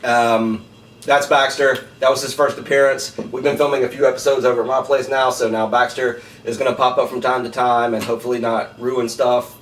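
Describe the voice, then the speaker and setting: A man's voice: medium pitch, flat delivery, a little hiss or hum. Laughing man co-hosting a movie podcast. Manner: reads movie quotes slowly, laughs often. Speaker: podcast co-host. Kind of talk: casual chat. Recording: roomy sound, mic at a distance.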